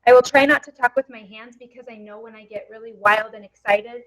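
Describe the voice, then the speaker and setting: Chatty, excitable woman on a headset mic. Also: fairly high pitch, fairly quick, poor audio. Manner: excitable, chatty, many fillers. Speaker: network marketing presenter. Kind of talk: live webinar presentation. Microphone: headset microphone.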